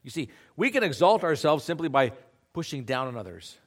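Earnest male preacher, lively pitch. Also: brisk. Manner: earnest conversational preaching, checks in with "okay?". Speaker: pastor. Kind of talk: sermon.

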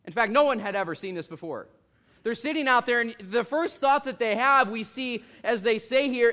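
High-voiced male preacher. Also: a little fast. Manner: expository, lively storytelling with acted-out voices. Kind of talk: sermon.

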